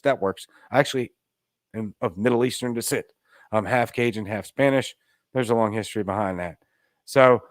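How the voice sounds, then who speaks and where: A man's voice: no echo, studio quality. A man hosting an opinion show, talking in a sarcastic, emphatic rant. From Louisiana. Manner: sarcastic, emphatic, rants with rising pitch. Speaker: podcast host. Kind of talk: opinionated commentary monologue.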